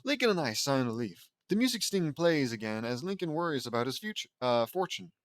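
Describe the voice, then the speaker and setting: A man's voice: fairly high pitch, big pitch swings, fairly quick, no echo. A man narrating a fan-fiction audiobook in a casual reading style, with offhand asides.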